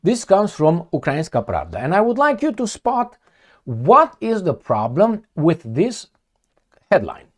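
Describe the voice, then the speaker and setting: A man's voice: high-pitched, wildly swooping pitch, unhurried. A man giving blunt, sarcastic political commentary with some swearing, talking straight to the viewer. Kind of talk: opinionated commentary monologue.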